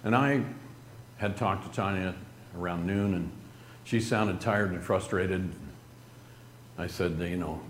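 A middle-aged man with a low voice tells a personal story in an earnest, halting way, letting his voice drop soft at grave moments. The recording is roomy and echoey, with a faint hiss of noise behind him.

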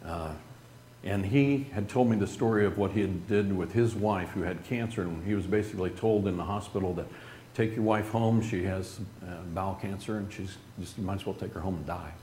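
A man telling a group an emotional personal story in an earnest, halting way, with restarts and some throat-clearing. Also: deep voice, mellow, reverberant, a little hiss or hum.

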